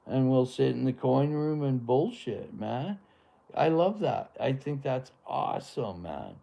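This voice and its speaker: Slow gravelly man chatting on a livestream. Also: mid-range voice, mellow. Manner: rambling, laid-back, lots of fillers. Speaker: livestream host. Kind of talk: casual live-stream chat.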